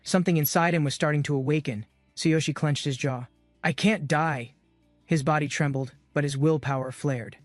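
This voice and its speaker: A man's voice: a little high, steady tone, a little fast, dry recording, faint music behind. A man giving scripted, dramatic narration of a comic-book recap.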